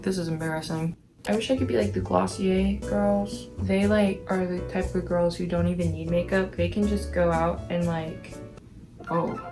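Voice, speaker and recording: Chatty young woman vlogging over music. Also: lowish voice. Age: young adult. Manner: chatty, self-deprecating, bursts of excitement. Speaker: actress and vlogger. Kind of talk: casual vlog chat to camera. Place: in her room at home. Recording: music playing behind the voice.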